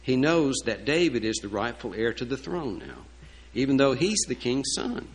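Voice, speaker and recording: A man's voice: medium pitch, sing-song, normal speed, rough recording. A man preaching a sermon in a folksy, emphatic way, with asides and fillers. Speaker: pastor.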